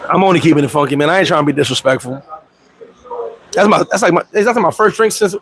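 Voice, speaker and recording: A man's voice: fast talker, a crowd in the background. A man hosting a casual live chat, telling loose, profane stories full of slang and talking to friends by name. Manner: acts out quoted voices, swings pitch up high; talks to viewers and friends by name. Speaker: host.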